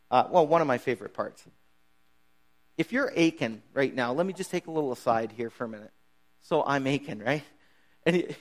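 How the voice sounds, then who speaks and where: A middle-aged pastor with a mid-range voice preaches casually and conversationally, briefly acting out the voices of biblical figures.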